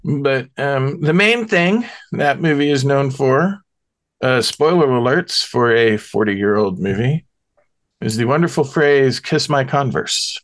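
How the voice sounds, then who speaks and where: A man co-hosts a relaxed podcast conversation. His remarks come in short, dry, joking asides. His voice sits at a medium pitch. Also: unhurried, dry recording. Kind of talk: casual chat.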